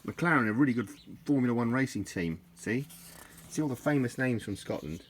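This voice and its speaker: A man's voice: medium pitch, expressive, a little fast, a little hiss or hum. A middle-aged man chatting casually and joking his way through an old book, laughing at his own jokes. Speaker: vlogger leafing through an old tartan book. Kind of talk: rambling casual chat.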